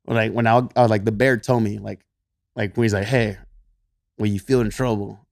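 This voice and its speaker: A man's voice: lowish voice, normal speed, creaky, no room sound, clean studio sound. A man with a Texan twang casually telling a story as a podcast guest, laughing often and swearing. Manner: laughs often, swears, quotes himself in animated voices. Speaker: podcast guest, gym coach.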